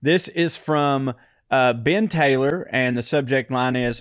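Podcast co-host, man, relaxed mail reader, middle pitch, dry close sound. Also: slow, no echo. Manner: laid-back, swears, laughs often. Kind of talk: casual chat, reading listener mail.

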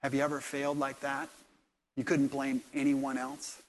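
A middle-aged man, a pastor, preaching a sermon and telling stories, swinging from hushed, quiet lines to loud, lively ones. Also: medium pitch, normal speed, slight background noise.

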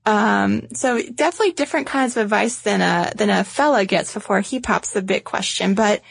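A woman's voice: medium pitch, moderate pace, vocal fry, breathy edge, dry recording. A woman co-hosting a podcast in casual chat, chatty and teasing. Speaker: podcast co-host.

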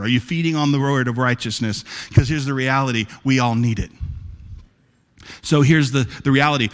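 A man preaching a sermon as pastor, calling out to his church and building to fervent shouts. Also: mid-range voice, long reverb tail. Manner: preaching, rising to fervent shouts, calls to the congregation.

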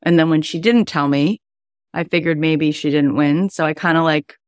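Woman, middle-aged, coach and host, casual storytelling, chatty, heartfelt, low voice. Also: fairly even intonation, normal speed, dry recording, clean studio sound. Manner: chatty and heartfelt, many "like" fillers. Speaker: life coach and podcast host.

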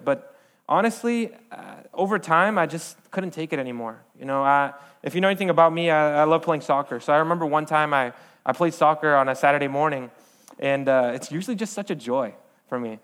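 Young guy preaching, kinda high voice, lots of uh's and restarts, earnest. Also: fairly bright tone, clear, resonant tone. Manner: earnest, halting with frequent fillers and restarts. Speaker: guest speaker. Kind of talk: sermon with personal testimony.

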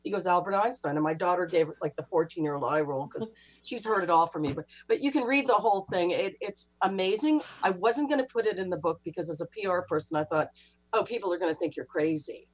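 A middle-aged woman author, a guest on an interview, telling a personal story in a lively rush with laughing asides. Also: lowish voice, husky, poor audio. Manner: breathless, laughing retelling with quick asides. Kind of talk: animated anecdotal storytelling.

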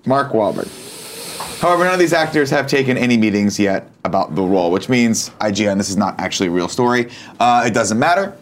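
A man's voice: fairly low pitch, animated, quick pace, a little hiss or hum. A man co-hosting a casual comedic morning show, riffing playfully with mock outrage. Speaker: podcast co-host.

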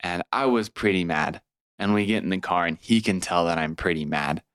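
Young californian man, podcast guest, lively storyteller who acts out other people's lines, lowish voice, dry close sound. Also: normal speed, smooth, dry recording. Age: 20s. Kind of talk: personal storytelling in conversation.

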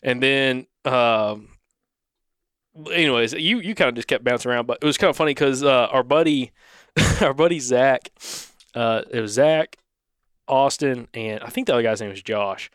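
Speaking at normal speed in a fairly bright, mid-range voice with a clean tone, a man co-hosting a podcast shares a hunting story. It's casual and rambling, full of restarts and acted-out dialogue. There's no room sound, just clean studio audio.

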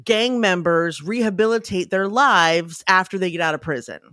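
Female podcast co-host, casual storyteller, bursts into animated impressions, dry close sound. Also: on the low side, moderate pace, no echo. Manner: animated storytelling, breaks into loud excited impressions. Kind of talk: casual chat.

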